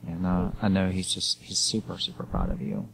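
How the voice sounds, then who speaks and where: A man hosting an interview, speaking gently and sympathetically with many hesitations. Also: low-pitched, very animated, brisk, creaky, low-quality recording. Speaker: host. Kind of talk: interview conversation. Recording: audible background noise.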